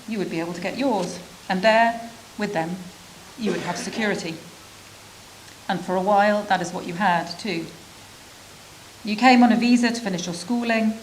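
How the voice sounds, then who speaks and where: A woman reading a literary prose story aloud at a measured, reflective pace, with pauses between phrases. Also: medium pitch, slight background noise, low-quality recording. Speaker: reader of a refugee's story.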